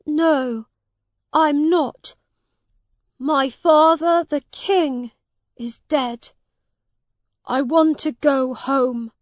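A woman voicing a young boy prince in a storybook reading, speaking high, loud and imperious. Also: very animated, takes it slowly, no echo, full character voice. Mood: grieving.

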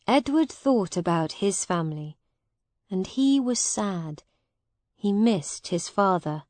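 Woman narrator for a graded reader: very slow, clear, melodic, dry close sound. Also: lowish voice, expressive, a little mellow, dry recording.

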